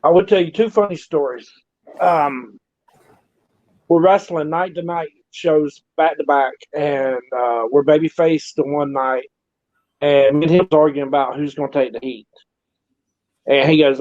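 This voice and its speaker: A former pro wrestler tells road stories casually, swearing freely and acting out what people said. His voice is a little high and darkish, at a moderate pace, captured in a dry, muffled lo-fi recording.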